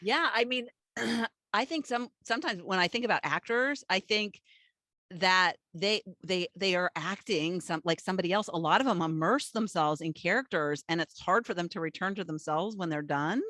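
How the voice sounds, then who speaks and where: A woman's voice: lowish voice, moderate pace, fairly bright tone, no echo. An older woman hosting a podcast, chatting and asking her guest questions. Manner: chatty, reactive, asks questions. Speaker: podcast host. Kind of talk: casual interview chat.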